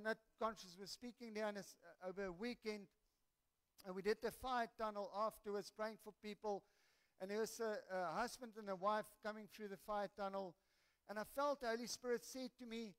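A man preaching a sermon and telling stories, animated and halting, with many restarts. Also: high-pitched, smooth. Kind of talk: sermon with storytelling.

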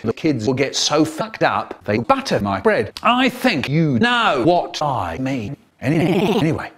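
A man's voice: a little high, a bit bright. A man telling playful children's stories in a comedic spliced edit, acting out characters in different voices. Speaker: storyteller.

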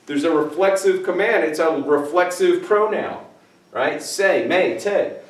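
A man teaches Spanish commands in a playful, joking way, his pitch swinging widely as he explains. He is recorded from a distance in an echoey room. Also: measured pace. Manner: playful, jokey, animated asides. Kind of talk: classroom video lesson.

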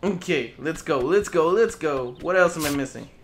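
A man's voice: fairly high pitch, expressive, moderate pace, a little hiss or hum. A man giving casual gameplay commentary, playful and taunting, swearing as he speaks in character as a goose. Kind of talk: casual let's play commentary.

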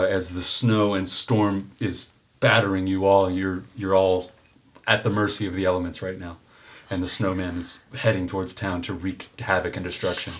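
A man running a tabletop game as game master, narrating the scene in vivid detail and often chuckling at his own descriptions. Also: deep voice.

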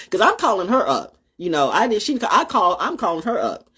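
An older woman with a low, husky voice that swings widely up and down. She hosts her own show and delivers a fiery, profane, confrontational rant. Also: big pitch swings, brisk, hardly any pauses, a bit bright. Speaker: show host. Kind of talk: ranting monologue.

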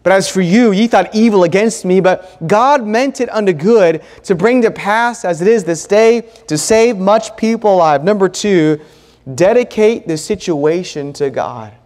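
A man preaching a sermon in a church, earnest and emphatic, repeating points and pausing often. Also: sits high, animated, a little mellow, in a large hall. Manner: earnest, emphatic, with pauses and repetition. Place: church sanctuary.

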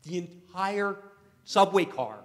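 A man giving a talk to an assembly as guest speaker, telling an animated story and repeating words as he starts sentences. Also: high-pitched, slow pace, in a large hall. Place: assembly hall.

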